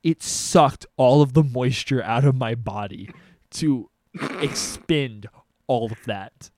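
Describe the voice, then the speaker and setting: A man's voice: mid-range voice, takes it slowly, no echo. Profane young man telling crude stories. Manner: animated, profane, crude storytelling. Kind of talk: casual storytelling chat.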